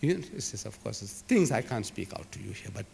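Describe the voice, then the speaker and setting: A man's voice: fairly low pitch, very animated, quick pace, vocal fry, darkish tone, a little hiss or hum. A man giving an emphatic, dramatic public lecture in a large civic hall, full of repetition and rhetorical flourishes. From South Africa. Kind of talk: public lecture to a live audience. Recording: echoey hall recording.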